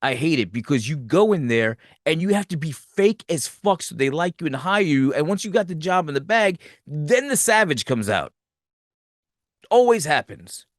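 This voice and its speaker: A man hosting a podcast, giving a profane, animated movie review rant. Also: a little high, dry recording, clean studio sound. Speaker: podcast host.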